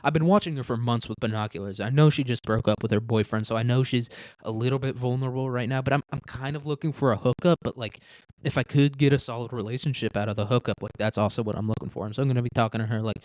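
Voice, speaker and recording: A man's voice: medium pitch, steady tone, quick pace, darkish tone, no room sound. A man hosting a comedy podcast, rambling through a crude, joking hypothetical monologue. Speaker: podcast host.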